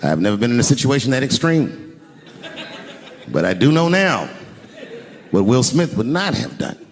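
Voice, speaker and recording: A man doing stand-up, telling a story in a lively, profane way and acting out the people in it, recorded live on an arena stage. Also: medium pitch, normal speed. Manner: animated, profane, acts out voices. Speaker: stand-up comedian. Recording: live arena recording with long reverb and crowd noise.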